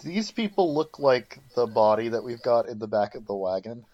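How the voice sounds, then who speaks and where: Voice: medium pitch, expressive, moderate pace, darkish tone, no room sound, lo-fi sound. A player in a tabletop game, talking casually in a hesitant, playful way.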